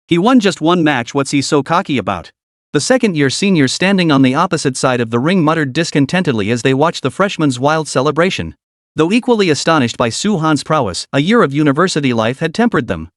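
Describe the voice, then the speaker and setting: Lively dramatic male story narrator. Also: on the high side, no echo, clean studio sound.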